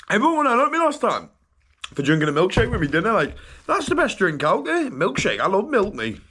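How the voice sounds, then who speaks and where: A young man, chatting excitedly to camera on a travel vlog, slangy and laughing often. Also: sits high, moderate pace, pauses often, breathy edge, no echo. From England. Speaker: travel vlogger. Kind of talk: casual vlog chat to camera. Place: glamping site outdoors.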